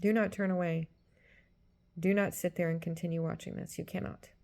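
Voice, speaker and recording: A woman in her forties or fifties giving a Christian teaching talk, emphatic, acting out quoted voices with sudden leaps in pitch and loudness. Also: level tone, fairly quick, gravelly. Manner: emphatic, acts out voices with big pitch jumps. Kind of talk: teaching sermon.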